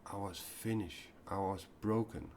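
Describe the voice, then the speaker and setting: Calling himself a mystic, a man gives an improvised talk on a live stream in a deep, darkish voice with fairly even intonation. He comes across as earnest and confessional, frequently pausing and starting sentences over. A little hiss or hum can be heard.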